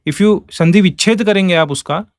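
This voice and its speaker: Guy teaching a class, smooth clear voice kinda high, close dry mic. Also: no echo. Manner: explains step by step, chants verses slowly in meter. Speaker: Sanskrit teacher. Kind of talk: online class lecture.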